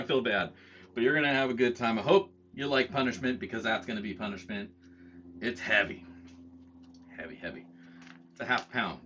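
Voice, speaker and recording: A man's voice: fairly low pitch, bright, forceful tone. A man hosting a casual livestream, talking in a profane, self-mocking way and chuckling at his own jokes. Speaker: livestream host. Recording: dull lo-fi stream audio, faint noise.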